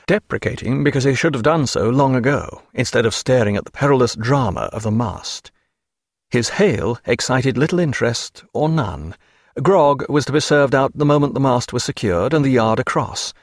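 A man narrates a seafaring novel in a measured, steady reading voice. His pitch sits in a middle range. The recording is dry and close. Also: no echo. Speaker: audiobook narrator. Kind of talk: scripted narration.

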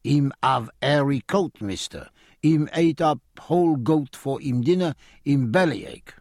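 A man's voice: on the high side, a little slow, darkish tone, no room sound, studio quality. A man voicing a cringing, wheedling foreign bear leader who speaks broken English. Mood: fawning.

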